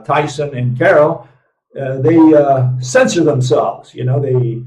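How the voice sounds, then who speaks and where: Speaking at medium pitch with a warm tone, a man hosts a laid-back commentary live stream full of fillers, restarts, and tag questions like "right?" and "okay?". The mic is distant, and the room echoes.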